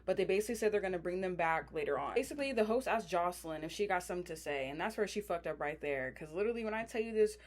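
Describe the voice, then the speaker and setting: A woman's voice: on the low side, expressive, rapid-fire, hardly any pauses. A woman casually recapping a reality TV reunion in blunt, profane slang.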